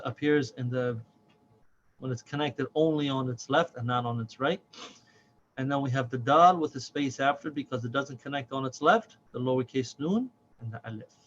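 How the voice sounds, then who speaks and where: A man teaching a reading lesson step by step, patient and deliberate, drawing out each syllable slowly. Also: medium pitch, fairly bright tone. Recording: slightly dull audio with faint noise.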